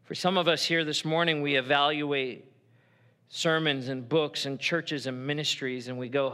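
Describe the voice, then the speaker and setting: A man's voice: fairly high pitch, steady tone, moderate pace, pushed and bright. A middle-aged man preaching a sermon in church, earnest and conversational, acting out quotes as he goes. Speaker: pastor.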